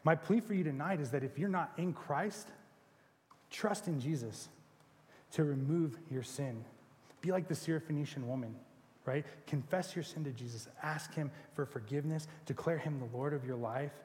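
A young adult man giving a conversational sermon in a casual, animated way. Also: on the high side, moderate pace, in a large hall. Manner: conversational, animated retelling with acted quotes. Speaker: preacher.

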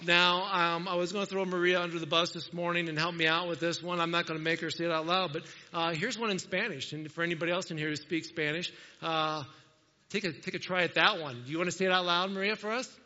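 A man's voice: high voice, steady tone, fast talker, pushed and bright. A man preaching a sermon to a congregation in a church, talking in a conversational, self-deprecating way and putting questions to his listeners. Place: church sanctuary. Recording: muffled sound in a large hall.

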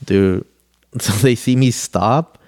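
A man's voice: medium pitch, takes it slowly, darkish tone, dry recording. A young man, a podcast guest, telling a story in a rambling, casual way, full of "like" and swearing. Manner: rambling, heavy use of "like", swears freely.

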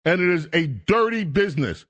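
A man's voice: fairly high pitch, very animated, fairly quick, fairly bright tone, muffled recording. A man hosting a talk radio show, scolding and emphatic in a political commentary rant.

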